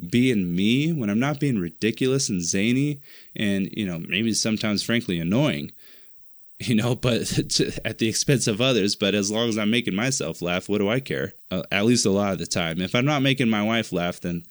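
A man's voice: on the low side, moderate pace, dry recording, studio quality. A man talking earnestly in a rambling casual monologue, giving advice to other content creators and often repeating himself.

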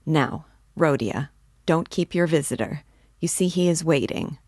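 A woman's voice: deep voice, a little slow, a little mellow, breathy edge, dry recording, clean studio sound, exaggerated voice. A woman reading the lines of a boisterous young male student who bosses and jokes with his sick friend. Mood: hearty. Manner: hearty, bossy, joking.

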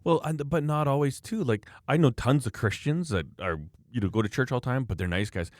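A man's voice: medium pitch, lively intonation, fairly quick, no room sound, clean studio sound. A man hosting a casual podcast chat, telling work stories in a blunt, emphatic way. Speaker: podcast host, former project manager.

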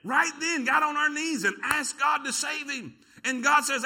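A pastor preaching a sermon, telling a story with lively energy and quick repeated words. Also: male voice, very high-pitched. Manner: storytelling, animated, repeats words when excited.

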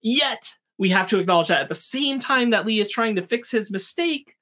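A man's voice: sits high, animated, normal speed, sharp tone. A man co-hosting a casual TV review podcast, walking through plot points and recounting the characters' dialogue. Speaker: podcast co-host.

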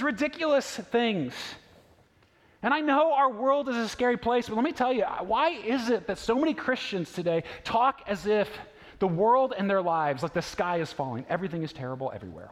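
A man's voice: sits high, animated, moderate pace. A man in his thirties or forties preaching a sermon as a pastor, telling stories conversationally and asking the congregation rhetorical questions. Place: church sanctuary. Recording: long reverb of a large church hall.

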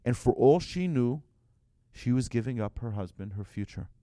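A man's voice: mid-range voice, animated, normal speed, warm tone, no room sound, studio quality. A man, a rabbi, telling a story in a sermon, acting out the voices and often restarting his phrases.

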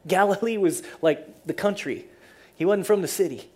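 A woman pastor preaching a sermon, retelling the story casually and swinging from loud to hushed. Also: lowish voice, normal speed, breathy edge.

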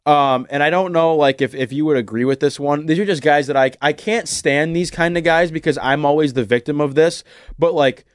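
A man's voice: a little high, fairly quick, dry recording, clean studio sound. A man in casual podcast chat, ranting with lots of "like" and restarts. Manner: ranting, heavy use of "like", frequent restarts.

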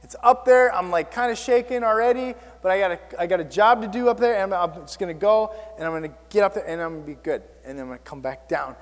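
A male pastor preaching a sermon, telling stories in an animated, self-mocking way. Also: sits high, fast talker, hardly any pauses, in a large hall.

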